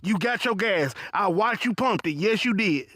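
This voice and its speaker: A man's voice: high voice, animated, moderate pace, fairly bright tone, no room sound. A man voicing a weary Black woman cashier who stays strained but professional, in a dry, close recording. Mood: patient.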